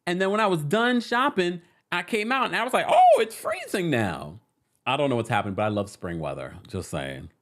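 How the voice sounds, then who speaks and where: Animated chatty male live-streamer. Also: fairly high pitch, brisk, hardly any pauses. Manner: chatty, reads viewer comments aloud, laughs often. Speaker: live-stream recap host. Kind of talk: casual live-stream chat. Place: New York City.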